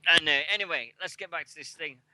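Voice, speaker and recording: This Englishman in his forties hosts a radio show on a headset mic and talks fast in a slightly high, pushed, bright voice. The dry recording captures his casual, sweary, rambling chat as he laughs at himself.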